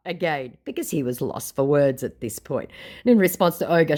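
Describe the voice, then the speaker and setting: A woman's voice: low-pitched, sing-song, normal speed, a little mellow. A woman, sarcastically retelling a chat with a scammer in a mocking tone. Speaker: scambaiting vlogger.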